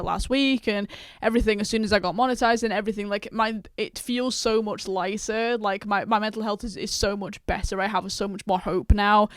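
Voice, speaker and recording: A woman's voice: medium pitch, no room sound, studio quality. A woman giving casual, rambling reaction commentary in a chatty way. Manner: chatty, rambling, quick to laugh. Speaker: reaction YouTuber.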